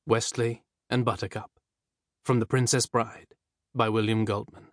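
With a fairly low voice, a man narrates an audiobook in an even, measured storytelling style. The clean studio sound has no echo.

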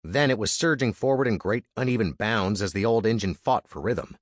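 A man reading an audiobook in an expressive, dramatic manner, recorded on a close studio mic. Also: fairly low pitch, fairly quick, dry recording. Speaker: audiobook narrator. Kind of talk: scripted audiobook narration.

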